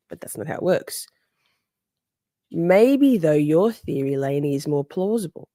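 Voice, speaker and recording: Sassy low-voiced woman livestream host. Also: expressive, measured pace, pauses often, mellow, dry recording, studio quality. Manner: chatty, reads viewer comments aloud and answers them; playful and sassy, swears, laughs often. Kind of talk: casual livestream chat.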